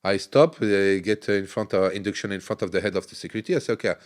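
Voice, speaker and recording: A man from France with a French accent, a native French speaker, telling animated stories about prison in broken English in a casual podcast conversation. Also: deep voice, fast. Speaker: guest.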